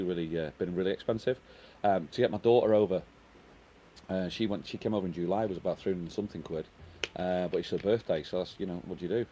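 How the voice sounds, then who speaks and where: A middle-aged man with a lowish voice hosts a live stream outdoors, talking quickly and casually. He reads viewer comments aloud and answers each one. A microphone resting on a nearby table picks him up, with a faint outdoor hum behind him. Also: mellow. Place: outdoors on a home terrace. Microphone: microphone set down at a table.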